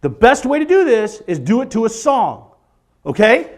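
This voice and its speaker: A man in his forties performs a comedy monologue at a church event, animatedly acting out stories and breaking into sung and screamed bits. His voice is very high and his pace moderate.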